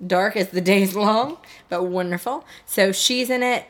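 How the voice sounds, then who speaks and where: A woman's voice: medium pitch, measured pace. A woman co-hosting a casual movie chat, talking in a loose, chatty way with restarts. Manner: chatty, trails off and restarts, laughs easily. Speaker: podcast co-host.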